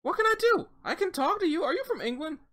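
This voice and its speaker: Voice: extremely high pitch, sing-song, fast talker, sharp tone, pitched above the performer's own voice, full character voice. A reader voicing a nineteen-year-old female psychiatric patient, speaking in an eager, naive way.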